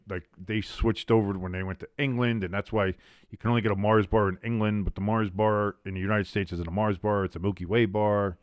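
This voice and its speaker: A man's voice: on the low side, no room sound. A man hosting a sports watch-along stream, chatting casually between play-by-play calls, rambling with fillers, restarts and casual swearing.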